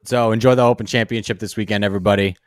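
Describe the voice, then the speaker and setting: Low-voiced laid-back young man, dry sound. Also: steady tone, rapid-fire, no room sound. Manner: laid-back, wry, laughs easily. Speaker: podcast co-host. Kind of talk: casual chat.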